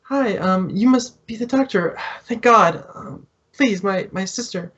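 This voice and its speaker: A man's voice: high voice, a little slow, fairly bright tone, muffled recording, voice pushed up. A man voicing an anxious, grateful woman who is worried for her sister, speaking in an eager, breathless way. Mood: anxious relief.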